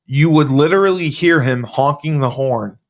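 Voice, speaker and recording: A man's voice: fairly high pitch, moderate pace. A man in easy podcast conversation who keeps circling back to the same point, pressing it home. His voice sits slightly above the usual male range. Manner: insistent, repeats himself. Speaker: podcast co-host, former teammate. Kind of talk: casual chat.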